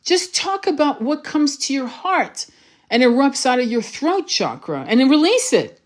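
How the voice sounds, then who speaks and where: A woman's voice: sits high, sing-song, moderate pace. Fiery, urgent woman spiritual reader. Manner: passionate, urgent, swears freely; emphatic, repeats herself for emphasis. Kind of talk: livestream monologue to viewers.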